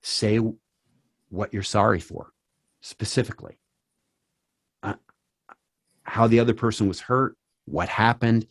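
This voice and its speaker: A man's voice: fairly low pitch, fairly even intonation, measured pace, long pauses, no room sound, clean studio sound. A middle-aged man speaking at a church, acting out quoted apologies with many restarts. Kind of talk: conversational church talk.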